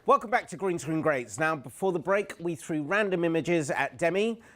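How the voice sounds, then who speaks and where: A man's voice: on the high side, lively intonation, moderate pace, background noise. A man hosting a comedy game show in an upbeat, playful manner. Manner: playful, upbeat presenter patter.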